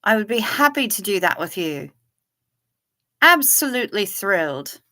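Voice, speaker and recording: A woman's voice: mid-range voice, very animated, fairly quick, sharp tone. A woman hosting a livestream, chatting casually and answering viewer comments. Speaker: livestream host.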